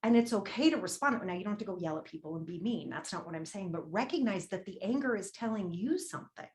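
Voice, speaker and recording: A woman's voice: medium pitch, animated, quick pace, a little mellow. A woman leading a money-mindset workshop, candid and emphatic, swearing casually and repeating a prompting question. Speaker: workshop leader. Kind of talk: motivational workshop talk.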